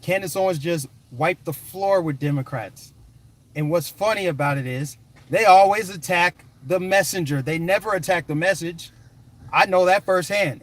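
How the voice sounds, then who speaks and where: A man from the United States giving fired-up political commentary in an emphatic, combative, repetitive way. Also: high-pitched.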